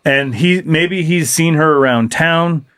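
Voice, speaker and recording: A man's voice: fairly high pitch, slow, fairly bright tone, smooth. A man co-hosting a podcast in casual chat, jokey and teasing as he speculates about the story. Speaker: podcast co-host.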